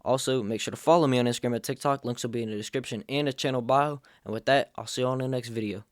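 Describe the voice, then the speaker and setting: A man's voice: mid-range voice, steady tone, very fast, dry recording, studio quality. A young man hosting a comedic storytime vlog, telling it with sarcastic jokes. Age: young adult. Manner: sarcastic, jokey. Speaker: storyteller host.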